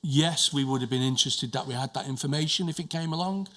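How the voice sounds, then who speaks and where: A man testifies as a witness in a hearing room, answering slowly and carefully. His voice is bright and forceful. He restarts his sentences often and repeats words while he searches for the right phrasing. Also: mid-range voice. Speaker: witness giving evidence. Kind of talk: answering questions at a formal inquiry.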